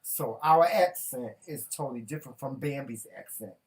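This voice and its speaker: A man from North Carolina co-hosting a casual chat show, talking in a playful, teasing, animated way. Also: mid-range voice, normal speed, recorded from a distance, a little hiss or hum. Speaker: co-host.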